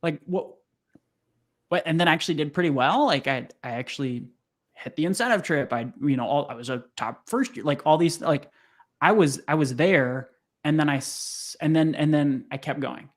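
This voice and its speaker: A young man, a podcast guest, telling a personal story in casual conversation, acting out what people said in a raised voice. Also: fairly quick. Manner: animated, acts out quotes in high voices. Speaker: podcast guest, sales coach.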